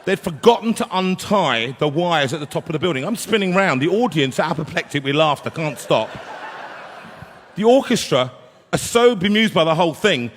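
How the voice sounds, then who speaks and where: A man, an opera singer telling a comic story live, animated and acting out characters. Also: a little high, normal speed, a little hiss or hum. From England. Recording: long hall reverb.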